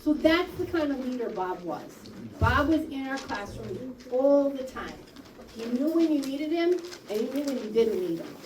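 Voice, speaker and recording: A woman speaking at a school library ceremony, telling a lively anecdote and acting out the quoted dialogue. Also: sits high, moderate pace. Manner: storytelling, acts out quoted dialogue. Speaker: school staff hosting a ceremony. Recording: echoey room from far off, faint noise.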